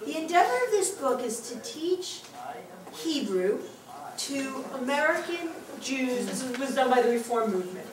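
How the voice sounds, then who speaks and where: A woman's voice: high voice, sing-song, measured pace, a crowd in the background. A woman teaching a Hebrew class, explaining rules in an encouraging, chatty way. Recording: echoey room, mic far off, class around.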